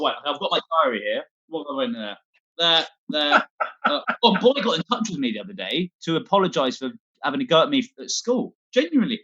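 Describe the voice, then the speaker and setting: A man's voice: on the high side, a bit bright, muffled recording. A man doing a scattered, self-deprecating stand-up set from home, swearing a lot as he talks. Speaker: stand-up comedian. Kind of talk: rambling online stand-up set.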